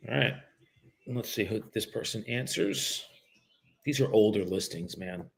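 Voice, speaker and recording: An American real estate agent livestreams his cold calls, keeping up a running commentary between them. His lowish voice is a little slow with vocal fry, and his casual chatter is profane and joking.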